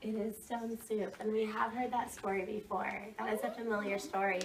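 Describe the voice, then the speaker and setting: A woman's voice: medium pitch, little pitch movement, a little fast. A woman teaching a second grade reading lesson, upbeat as she gives directions to the children. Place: classroom. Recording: echoey classroom from far off.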